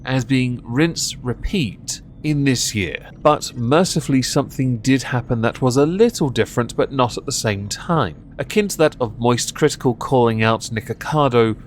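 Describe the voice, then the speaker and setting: Man, commentary host, sarcastic scripted narration, mid-pitched voice, faint hiss behind. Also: moderate pace, hardly any pauses. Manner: sarcastic, mocking.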